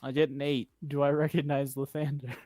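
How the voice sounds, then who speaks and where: Halting man playing a tabletop game. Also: mid-range voice, little pitch movement, warm tone, no echo. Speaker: player.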